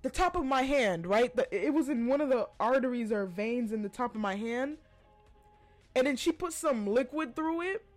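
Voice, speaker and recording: A young woman hosting a podcast, casually telling a personal story with lots of animated asides and quoted voices. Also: on the high side. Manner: chatty, animated retelling with quoted voices and laughs. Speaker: podcast host.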